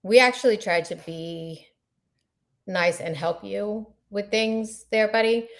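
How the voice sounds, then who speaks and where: A woman's voice: medium pitch, steady tone, slow pace. A woman co-hosting a casual chat show, blunt and exasperated, speaking plainly to listeners. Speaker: podcast co-host.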